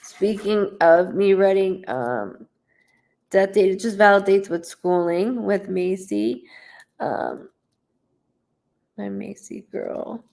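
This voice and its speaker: A woman's voice: mid-range voice, slow, creaky, long pauses, darkish tone. A woman in her thirties giving a live psychic reading, chatty and rambling as she relays messages. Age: 30s. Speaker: psychic medium.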